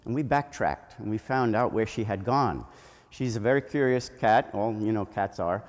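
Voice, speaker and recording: A male priest giving a children's homily at a family Mass, telling a story with lively energy and asking the children questions. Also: mid-range voice, normal speed. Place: church. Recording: long church reverb.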